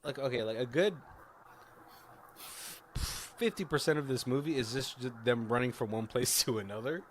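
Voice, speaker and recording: A man co-hosting a podcast, retelling a film's plot in a loose, rambling way, full of swearing and asides. His voice sits at an ordinary pitch for a man. Faint background noise hums under the recording. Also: moderate pace. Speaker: podcast co-host. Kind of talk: casual movie recap chat.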